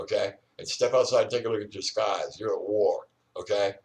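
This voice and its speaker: A man's voice: on the low side, a little fast, hardly any pauses, distant mic. An older man rambling and ranting outdoors, full of "you know" fillers. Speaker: vlogger.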